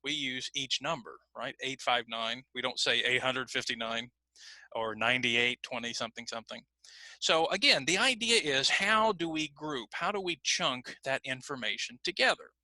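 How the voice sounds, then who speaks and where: American guy teaching english over a video call, slows down on examples, super dry close mic. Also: mid-range voice, expressive, pushed and bright, dry recording, rough recording. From United States. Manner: slow deliberate emphasis on examples. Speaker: ESL teacher. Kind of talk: online lesson explanation.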